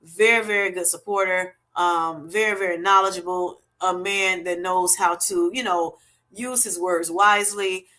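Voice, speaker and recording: A middle-aged woman hosting a casual livestream, chatting warmly and thanking viewers by name. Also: lowish voice, steady tone, moderate pace. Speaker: livestream host. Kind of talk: casual livestream chat, reading comments.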